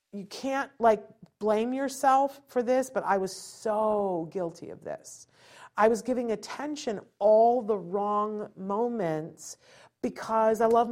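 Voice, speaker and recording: Animated woman teaching parents. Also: mid-range voice. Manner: animated, acts out quotes, asks rhetorical questions. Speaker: parent educator. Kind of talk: informal teaching talk.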